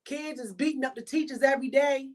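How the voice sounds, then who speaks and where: A woman's voice: high-pitched, fast talker. Emphatic woman podcast host, preaching. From Baltimore. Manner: preachy, emphatic, repeats points. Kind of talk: motivational monologue.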